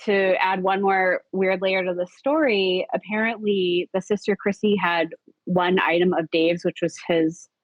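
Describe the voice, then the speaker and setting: A woman guest on a podcast tells a story casually and with animation, her pitch jumping up when she acts out what people said, with the occasional swear. She speaks a little slowly, and the recording is dry, dull and lo-fi.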